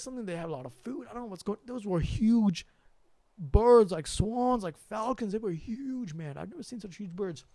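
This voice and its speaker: Young male host, high gravelly voice, rambling and animated about spirituality, dry close mic. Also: normal speed, dry recording.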